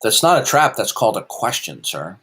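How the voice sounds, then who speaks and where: A combative man hosting a heated call-in debate, with a voice that swings widely in pitch from low to sharp peaks. His questions come across as condescending and quizzing. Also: very animated, normal speed, breathy edge. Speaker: host.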